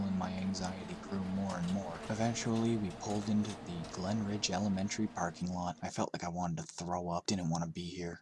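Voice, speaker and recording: A man narrating a scripted horror story in a measured, subdued storytelling manner. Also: low voice.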